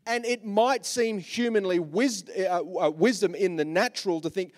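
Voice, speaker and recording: A man with an Australian accent preaching a sermon as pastor, animated, swinging from soft asides to loud repeated lines. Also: high-pitched, normal speed, hardly any pauses. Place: large church hall. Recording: long reverb of a church hall.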